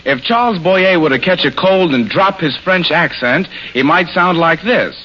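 A man's voice: fairly high pitch, expressive, normal speed. A man guesting as an impersonator on a 1940s radio comedy, easygoing and matter-of-fact. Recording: dull 1940s radio broadcast.

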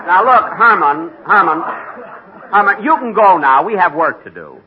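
A man's voice: high voice, expressive, moderate pace, heavy background noise. A man starring in a 1940s radio comedy, talking in an exasperated, bickering way. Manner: exasperated, arguing with himself. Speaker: comedy star of the show. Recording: lo-fi old radio broadcast.

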